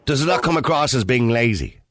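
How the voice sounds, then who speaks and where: A man with a Dublin Irish accent hosting a radio phone-in, talking bluntly and forcefully, arguing his point. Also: medium pitch, lively intonation, brisk. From Ireland (Dublin). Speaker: radio show host. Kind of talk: opinionated radio phone-in talk.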